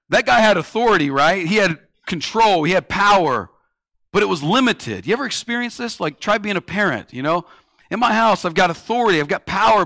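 A man in his thirties preaching a sermon, telling stories and swinging between loud, pressing lines and hushed ones. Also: high voice, no echo, studio quality. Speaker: pastor.

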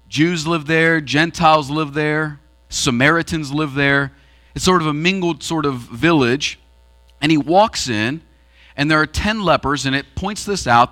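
A pastor preaching a sermon in a church auditorium, swinging between raised and hushed delivery. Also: male voice, a little high.

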